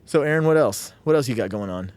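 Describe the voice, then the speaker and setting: Excited guy hosting a podcast, gushing about gear, average pitch. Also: quick pace. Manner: enthusiastic, gushing gear talk. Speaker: podcast host. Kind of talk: excited casual chat. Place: convention media room.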